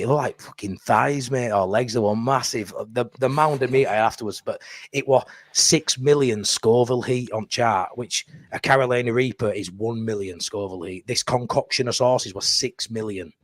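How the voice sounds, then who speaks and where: A man's voice: medium pitch, moderate pace, no echo. A man with a Yorkshire accent telling a long story in casual chat, blunt and swearing freely. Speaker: podcast co-host.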